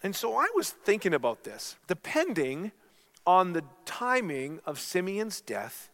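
A man's voice: sits high, huge pitch swings, unhurried, fairly bright tone. A middle-aged man preaching a sermon as a pastor, telling stories earnestly and calling his listeners friends.

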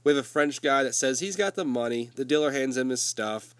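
A man's voice: mid-range voice, fairly quick, no room sound. Man with a summer cold, laid-back swearing recap host, dry close sound. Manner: loose, swearing, conversational storytelling. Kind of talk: casual profane movie recap.

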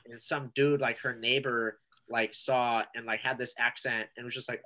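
Excitable man with a bright voice. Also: medium pitch, brisk. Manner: excitable, slangy, lots of "dude" and "like". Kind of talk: casual podcast chat.

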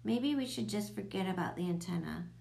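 A woman voicing a gentle, patient young female teacher in a children's story. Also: medium pitch, animated, a little fast, creaky.

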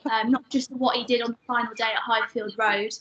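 A woman's voice: a little high, little pitch movement, brisk, fairly bright tone. A woman chatting fondly as a guest, easygoing with laughs. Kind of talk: casual fan chat. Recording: muffled with faint background noise.

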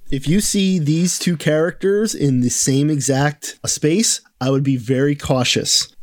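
A man's voice: on the high side, unhurried, dry recording, clean studio sound. A man co-hosting a casual podcast, talking with many fillers and restarts. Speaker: podcast co-host.

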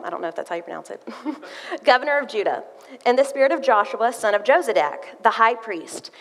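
A woman giving a sermon with a personal testimony, telling her story earnestly and reading scripture aloud. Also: on the high side. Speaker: church speaker sharing a testimony. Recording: long hall reverb.

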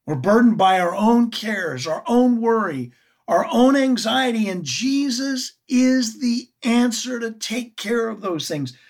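A woman preaches slowly and deliberately, her voice a little husky. Her pitch rises and falls with feeling as she asks her listeners questions and leans on key words. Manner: earnest, expressive, asks the audience questions. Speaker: Bible teacher. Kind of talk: sermon teaching.

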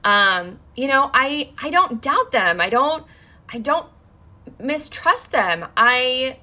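A woman with a bright, crisp voice tells a personal story in a loose, chatty way. She rambles and stacks up "like" fillers, and her voice carries emotion. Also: high-pitched, sing-song, slow pace.

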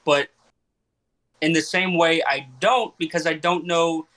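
A young man talks through his thoughts on a podcast, rambling and circling back on himself as he goes. His voice sits a little high, and his tone is bright and ringing. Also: steady tone, unhurried. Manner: rambling, self-questioning, many restarts. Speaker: podcast host and comedian. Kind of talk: casual podcast chat.

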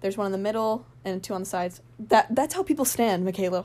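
A young woman telling a rambling, excited story in a casual vlog, full of fillers and laughs. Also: medium pitch, fast, hardly any pauses.

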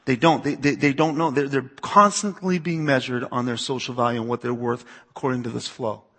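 A man's voice: medium pitch, steady tone, fairly quick, a bit bright. A youth pastor in his forties who grew up on the US East Coast, giving a talk to a church audience in a conversational manner, repeating words and asking listeners to raise their hands.

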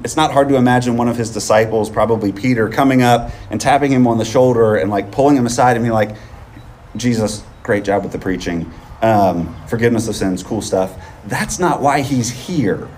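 A man of middle pitch preaches outdoors in a loose, conversational way. He keeps checking in with his listeners. A faint hiss of noise sits under his voice. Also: darkish tone. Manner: conversational, often adds "right?". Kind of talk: sermon. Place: outdoors on a field.

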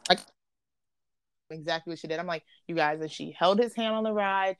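A young woman hosting a casual podcast, telling a story in a lively, slangy way and acting out what people said. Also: fairly low pitch, fairly quick, clean tone, no room sound. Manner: animated, slangy, acts out quotes. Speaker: podcast host.

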